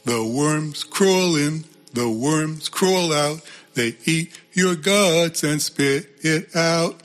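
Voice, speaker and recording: A man reading aloud as a mocking schoolboy who chants a taunt in a slow sing-song. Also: on the high side, fairly bright tone, pitched above the performer's own voice.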